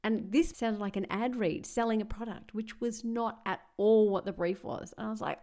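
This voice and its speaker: A woman hosting a casual solo podcast talks in a candid, chatty way. Her voice sits at an ordinary middle pitch, and she thinks aloud as she goes. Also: steady tone, normal speed, hardly any pauses, dark tone. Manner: candid, chatty and self-reflective. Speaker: podcast host and voice-over artist.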